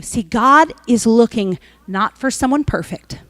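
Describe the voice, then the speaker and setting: A woman pastor delivers a sermon, weaving a personal story into emphatic preaching. Her voice sits high and bright, recorded close and dry with no room echo. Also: animated, measured pace.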